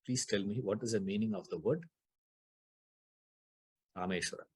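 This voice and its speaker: A man's voice: lowish voice, normal speed, a little mellow, husky. A man teaching a scripture class, explaining Sanskrit grammar, repeating key terms and putting rhetorical questions to his listeners.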